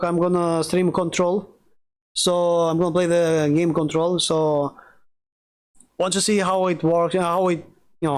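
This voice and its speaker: Male gaming streamer, high voice, rambling and excitable, curses freely. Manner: rambling, excitable, swears a lot. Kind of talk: casual live-stream chat.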